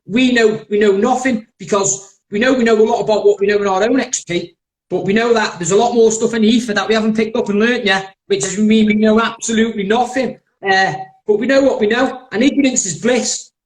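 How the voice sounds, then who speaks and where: A man's voice: high voice, fairly even intonation, brisk. A man hosting a live podcast, blunt, sweary and rambling. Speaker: podcast host. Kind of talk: heated live-stream chat. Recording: roomy echoey live stream.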